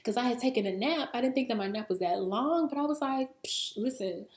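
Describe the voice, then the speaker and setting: A woman hosting a podcast, telling a story in a casual, animated way, full of slang, swearing and laughter, then giving spiritual advice. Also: fairly high pitch, fast. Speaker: podcast host and spiritual coach. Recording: roomy echo.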